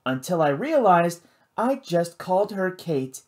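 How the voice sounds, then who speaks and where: An audiobook reader telling a first-person adventure with dramatic energy. The voice sits in a middle register and swings widely in pitch as the action builds. The delivery stays expressive throughout. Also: unhurried. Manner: dramatic, lively reading. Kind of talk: first-person novel narration.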